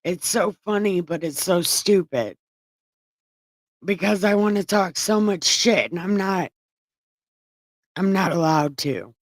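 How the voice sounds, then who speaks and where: A woman's voice: fairly low pitch, expressive, takes it slowly, pauses often, dry recording. A woman reading scripture aloud and breaking off into irreverent, profane, sarcastic commentary. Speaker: online Bible reader and commentator.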